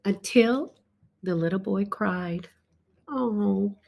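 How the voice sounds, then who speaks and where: A woman reading a picture book aloud to a child, stopping often to point things out and ask him questions in an animated, exclaiming way. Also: medium pitch, creaky. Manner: animated, talks to a child between pages; slow and warm, exclaiming often. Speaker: reader to a child.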